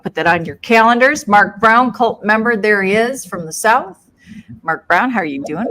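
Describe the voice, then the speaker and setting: A woman's voice: on the low side, fairly bright tone. Upbeat woman calling out viewer names. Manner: bubbly, upbeat, reads viewer names and plugs. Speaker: co-host of a live paranormal network show. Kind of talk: casual live-stream shout-outs.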